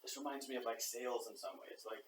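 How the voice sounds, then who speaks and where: Man, mid pitch, reflective unscripted monologue acting out quick reactions; distant mic in an echoey room. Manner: thinking aloud, acts out quoted reactions. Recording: roomy echo, far from the mic, faint background noise.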